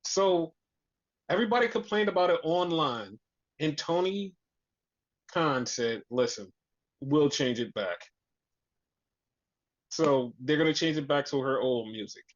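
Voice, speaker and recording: Casual podcast co-host, animated and profane, recapping wrestling over a dull, lo-fi recording. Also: mid-range voice, a little slow, long pauses. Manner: animated, swears freely, acts out quotes.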